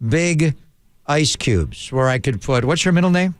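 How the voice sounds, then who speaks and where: A man hosting sports radio in a studio, teasing his co-hosts in gruff, wisecracking banter. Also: a little high, expressive, a little slow, no echo.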